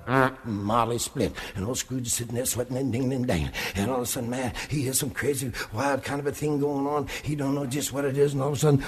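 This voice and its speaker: A man telling a story in hip slang, dropping to low mutters and rising to loud high shouts. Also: fairly even intonation, quick pace, long reverb tail. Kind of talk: jive-talk storytelling.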